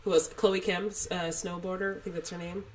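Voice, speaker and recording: A woman co-hosting a podcast in casual chat, chatty and animated with self-mocking humor. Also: fairly low pitch, normal speed, crowd noise. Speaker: podcast co-host.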